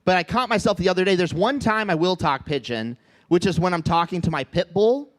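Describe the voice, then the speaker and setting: A high-pitched man in his thirties from the Midwest works through a stand-up set. He talks in a flat, deadpan way, stalling and restarting his sentences. He is heard through a stage mic in a comedy club. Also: a little fast. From Midwest United States. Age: 30s.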